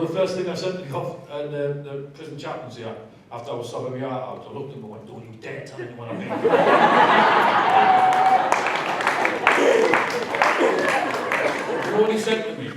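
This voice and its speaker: Recorded from afar in a very echoey church hall, with a lot of noise, a man shares his testimony as a guest speaker. His voice is fairly high, and he talks candidly and conversationally, with touches of humour.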